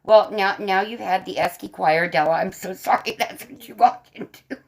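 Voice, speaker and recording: A woman's voice: mid-range voice, normal speed, creaky, low-quality recording. A woman hosting a casual livestream from home, chatting to her viewers and her dogs. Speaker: livestream host. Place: home room. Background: dogs barking.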